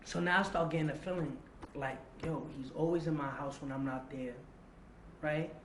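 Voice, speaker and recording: Young new guy telling his story, slangy and animated, kinda high voice, echoey room. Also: moderate pace, slight background noise. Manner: animated, acts out quoted dialogue, street slang. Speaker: guest. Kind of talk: confessional storytelling. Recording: roomy echo.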